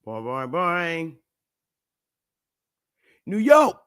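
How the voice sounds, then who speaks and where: A woman's voice: fairly low pitch, wildly swooping pitch, very slow, smooth. A woman hosting a casual livestream, talking loosely and profanely and laughing often as she goes. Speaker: livestream host.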